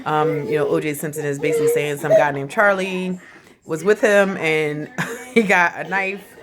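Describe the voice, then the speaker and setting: Woman, 40s, casual vlogger: lower-pitched, chatty and animated, laughs through her lines. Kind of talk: casual commentary vlog.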